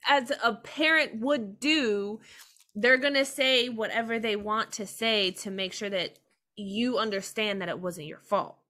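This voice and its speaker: Bright-voiced young woman opening up. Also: on the high side, moderate pace. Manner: open, earnest, laughs while telling hard things. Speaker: podcast guest. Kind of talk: candid personal conversation.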